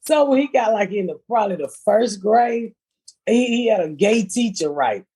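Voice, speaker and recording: A woman's voice: mid-range voice, lively intonation, normal speed, dark tone, slightly rough. A middle-aged woman hosting a podcast, telling stories in a blunt, profane, comedic way and laughing through them. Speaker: podcast host. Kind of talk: casual comedic storytelling.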